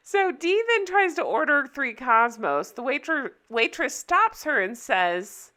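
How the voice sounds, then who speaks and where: A woman's voice: high-pitched, sing-song, a little slow, sharp tone. A woman recapping a TV episode in a casual chat, often breaking up laughing. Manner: giggly, keeps breaking into laughter. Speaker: recap vlogger.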